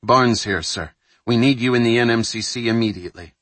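A man's voice: mid-range voice, fairly quick, fairly bright tone, no room sound, far from the mic, voice pushed up, natural voice. A man voicing a blunt, profane male military colonel in an audiobook reading. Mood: urgent.

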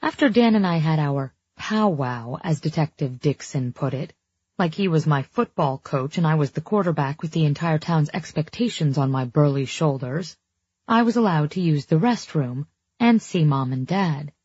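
A woman's voice: low voice, animated, normal speed, darkish tone, slightly rough, no echo. A woman narrating a novel in the first person, with a wry, introspective manner, in a dry and slightly dull recording. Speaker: audiobook narrator.

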